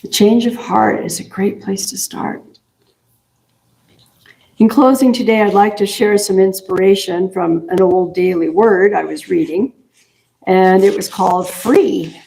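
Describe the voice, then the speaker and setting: A woman's voice: mid-range voice, fairly even intonation, unhurried, creaky, warm tone, echoey room, rough recording. A woman minister giving a folksy, chatty sermon full of affirmations. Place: church sanctuary.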